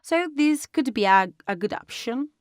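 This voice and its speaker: A woman explaining a design lesson step by step in a calm, instructional way, recorded as a close voice-over. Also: a little high, normal speed, dry recording. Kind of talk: online lesson narration.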